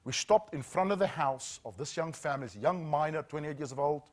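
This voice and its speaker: A middle-aged man, telling a story as a safety trainer, with earnest dramatic pauses that drop to a hush. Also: on the high side, lively intonation.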